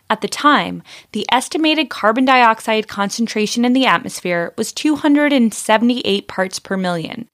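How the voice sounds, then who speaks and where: A woman giving a measured, scripted introduction to a podcast episode. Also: mid-range voice. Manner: measured, formal. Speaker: show announcer. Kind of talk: scripted narration.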